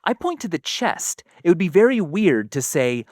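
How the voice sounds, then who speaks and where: A man's voice: high-pitched, big pitch swings, normal speed, darkish tone, dry recording, studio quality. A man co-hosting a casual science chat, talking through ideas and acting out little quoted exchanges. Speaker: co-host.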